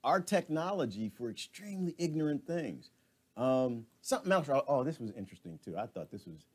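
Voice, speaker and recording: Brief: male streamer, mid pitch, swooping all over, jokey and rambling, off-the-cuff commentary. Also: sing-song, fairly quick. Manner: jokey, rambling, laughs at himself. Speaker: live stream host.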